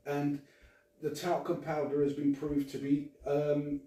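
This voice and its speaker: A man hosting a relaxed, joking chat among friends, heard from a distance in a noisy, echoey room. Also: on the high side, a little slow. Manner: jokey, playful, breaks into laughter. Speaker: podcast host. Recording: roomy, distant mic, noisy background.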